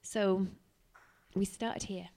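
A woman's voice: mid-range voice, steady tone, very slow, dark tone. A woman preacher giving a sermon with dramatic storytelling.

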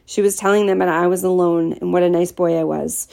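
A woman reads a first-person story aloud, steady and plain in her telling. Her voice sits low and is heavily gravelly, with a dark, mellow tone. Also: fairly quick. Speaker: audiobook narrator.

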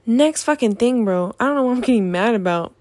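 A woman's voice: on the high side, expressive, a little fast, darkish tone, dry recording. A young woman in a casual vlog, ranting in an exasperated, profane way about things that annoy her. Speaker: vlogger.

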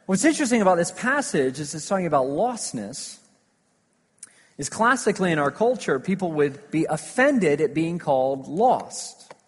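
A man preaching a sermon, telling stories with lively emphasis that swings between loud declarations and hushed asides. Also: fairly high pitch, moderate pace, slightly rough. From United States. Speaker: pastor. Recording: long hall reverb.

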